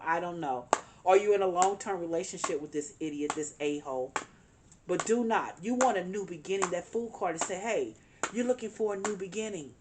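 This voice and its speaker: A woman's voice: on the low side, background noise. A woman giving a tarot reading, speaking earnestly and emphatically, repeating her points and calling on spirit guides. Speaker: tarot reader.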